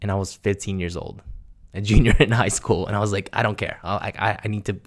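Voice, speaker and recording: Young guy telling a creepy story to camera, lowish voice, laughs and acts out the quotes. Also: steady tone, fairly quick. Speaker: storyteller vlogger.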